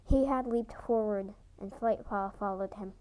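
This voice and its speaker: A young woman reading her own fan story aloud, halting now and then to correct herself. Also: mid-range voice, darkish tone, low-quality recording. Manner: halting amateur reading with restarts. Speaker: fan audiobook reader.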